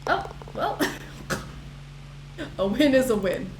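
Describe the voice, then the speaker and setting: A woman's voice: fairly high pitch, very animated, very slow, a little hiss or hum. Chatty woman streamer, roomy sound. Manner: chatty, playful, repeats herself. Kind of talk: casual gameplay commentary. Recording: roomy sound with game music behind. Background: game music.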